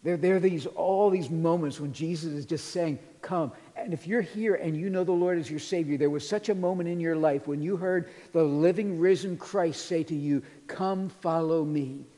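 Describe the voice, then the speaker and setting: A pastor preaching a sermon in a church, earnestly retelling scripture and quoting it in a softer voice. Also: male voice, a little high, normal speed, few pauses. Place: church sanctuary. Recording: long reverb of a large hall.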